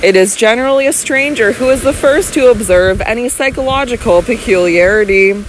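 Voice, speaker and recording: A woman's voice: on the high side, fairly quick, slight background noise, natural voice, poor audio. Young lady, scheming, pleading, tender, storybook reading, by a woman narrator. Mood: coaxing. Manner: earnest, pleading, tender to her husband. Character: scheming young lady, frightened yet persuasive.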